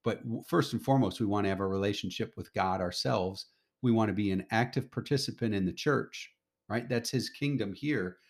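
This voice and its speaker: A man casually teaching a Bible lesson to his family, reading scripture aloud and explaining it in a relaxed, conversational way that turns emphatic at times. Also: lowish voice, a little fast. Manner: relaxed, conversational, gets emphatic when paraphrasing.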